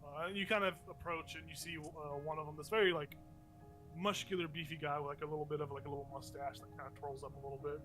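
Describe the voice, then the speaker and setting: Male game master: bright, slightly high voice, improvised and rambling. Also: steady tone, quick pace, soft background music. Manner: loose, rambling, laughs often. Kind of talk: improvised tabletop narration.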